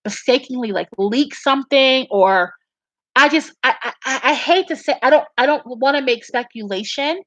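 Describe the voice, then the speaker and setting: A woman's voice: high-pitched, normal speed, fairly bright tone, no echo, dull audio. A woman talking earnestly and emphatically, repeating herself and restarting her sentences as she shares her beliefs and dreams. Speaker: fan sharing beliefs and dreams. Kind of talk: casual earnest talk.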